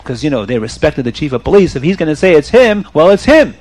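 A man telling a story to children in an animated way, often asking the audience questions. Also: on the high side, fast talker.

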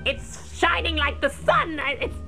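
A woman voicing a fearful, suspicious witch who summons the dead, gasping and shrieking her lines over loud background music. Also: very high voice, big pitch swings, unhurried, gravelly, voice pushed up, full character voice. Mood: frightened. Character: frantic fearful female witch, a medium.

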